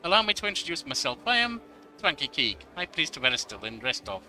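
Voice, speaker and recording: A man reading a humble high priest's lines aloud in an earnest, courteous manner. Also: very animated, fast talker, sharp tone, full character voice.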